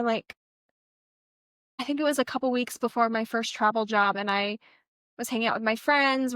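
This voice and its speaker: A veterinary technician co-hosting a podcast chats candidly and reflectively, telling earnest stories in an encouraging way. Her voice is a little high, a bit bright, and smooth. The sound is close and dry, with no echo.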